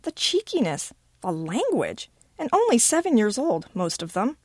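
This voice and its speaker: A woman reading a short story aloud with expressive, animated storytelling. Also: on the high side, moderate pace, dry recording, clean studio sound. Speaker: reader.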